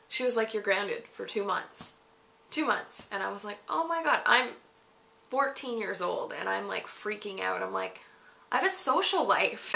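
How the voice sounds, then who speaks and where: Chatty young woman with a gravelly bright voice. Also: medium pitch. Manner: chatty, acts out quoted voices. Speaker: vlogger answering viewer questions. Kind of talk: casual storytelling.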